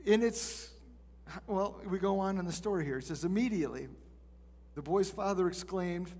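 A man's voice: sits high, moderate pace, a little mellow, long reverb tail. A male pastor teaching a sermon in a conversational way, reading scripture and acting out the people in it.

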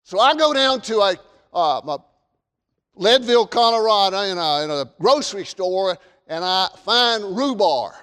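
Southern man preaching, very high voice, fervent, long church echo. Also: animated, measured pace, clean tone. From American South. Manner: fervent, shouts warnings then drops to folksy storytelling. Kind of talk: sermon.

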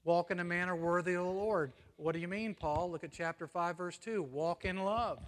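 An American man preaches from the pulpit in an earnest, emphatic way, his slightly high voice swelling on key phrases and then sinking to a near hush. The long reverb of a church sanctuary trails behind every word. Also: normal speed. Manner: earnest, swings between emphatic and hushed, frequent "you see?". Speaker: pastor. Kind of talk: sermon.

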